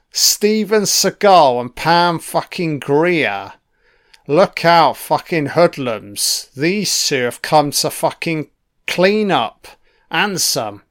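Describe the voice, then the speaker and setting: A man offers casual commentary on a film, reacting to scenes as they play and swearing heavily throughout his chatty remarks. His voice is a little high, a bit bright, and clear with a resonant tone.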